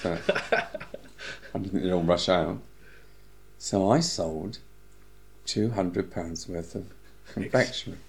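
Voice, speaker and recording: Gravelly older Englishman, slurring. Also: sits low, slow, long pauses. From England. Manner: lively, chatty storyteller. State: slurring words from medication. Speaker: interviewee, former cinema manager. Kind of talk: casual anecdotal storytelling.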